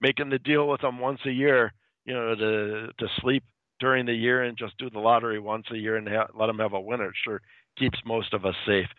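A man's voice: mid-range voice, fairly even intonation, brisk, no room sound, natural voice. A man voicing a folksy, matter-of-fact small-town mayor in a retold spooky story. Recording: dry, tinny phone-like sound.

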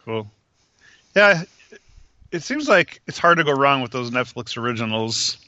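A man's voice: mid-range voice, sing-song, measured pace, bright, forceful tone, no echo. A man co-hosting a podcast, chatting casually and asking brief, easygoing questions about a friend's story. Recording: dull lo-fi recording.

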